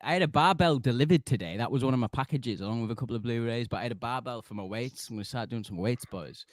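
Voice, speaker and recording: A man's voice: medium pitch, fast talker, no echo, clean studio sound. A man from England hosting a casual movie live stream, chatty and self-mocking, swearing now and then. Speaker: podcast host.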